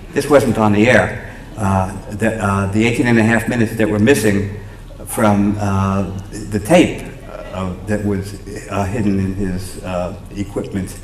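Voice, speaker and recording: Older New York man telling a halting story. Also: fairly low pitch, a little hiss or hum. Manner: halting, many fillers and restarts, chuckling. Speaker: memorial speaker. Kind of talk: storytelling anecdote at a memorial. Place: theater stage. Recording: roomy theater sound with faint ambience.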